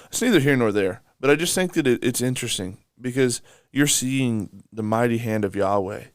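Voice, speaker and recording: A man's voice: mid-range voice, expressive, moderate pace, dry recording. Dry-voiced man musing in casual talk. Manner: slangy, musing, questioning aloud. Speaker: podcast co-host. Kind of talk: casual Bible discussion.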